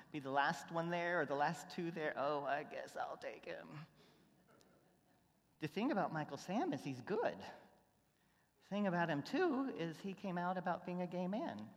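A pastor giving a sermon in a conversational storytelling way, going from hushed asides to emphatic lines. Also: mid-range voice. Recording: long reverb of a church hall.

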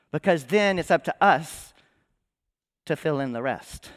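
A man's voice: fairly high pitch, fairly bright tone. A male pastor preaching an Easter sermon in a church, speaking conversationally and putting questions to the congregation. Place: church sanctuary.

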